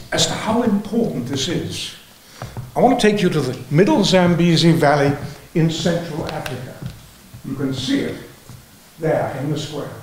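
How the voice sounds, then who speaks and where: A man's voice: fairly high pitch, slight background noise. An older man giving a conference lecture on archaeology, telling field stories with dry, wry humour. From England. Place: conference hall. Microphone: lectern or headset mic, battery trouble. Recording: echoey hall from far off.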